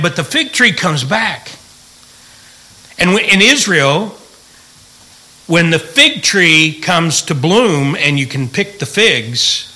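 Joking, bright-voiced man teaching a Bible class. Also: a little high, poor audio. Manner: folksy and joking, asks the room questions. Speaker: pastor.

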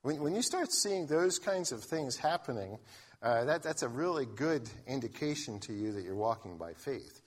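A man's voice: medium pitch, lively intonation, normal speed. A man pastor giving a sermon in a conversational way, reading scripture aloud and often restarting his sentences. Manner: conversational preaching with frequent restarts.

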